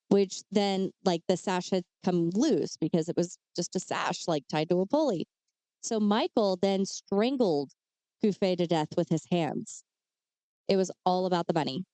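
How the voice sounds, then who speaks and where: With a dark-toned, mid-range voice and no echo, this podcast co-host recounts true crime cases. She keeps it casual, peppering the case details with chatty asides and fillers.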